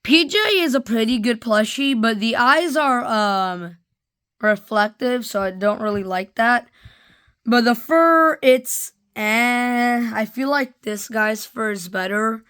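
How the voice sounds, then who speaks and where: A woman's voice: fairly high pitch, slow, fairly bright tone, clean tone. A woman casually reviewing toys in a rambling, offhand way, full of fillers. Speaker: toy reviewer. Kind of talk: casual product review vlog.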